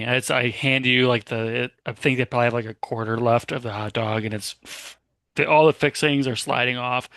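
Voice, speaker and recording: A man's voice: medium pitch, fairly bright tone, dry recording, clean studio sound. A man playing a tabletop game, rambling and joking as he plans his character's moves. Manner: rambling, self-correcting, joking. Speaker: player. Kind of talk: tabletop role-play chat.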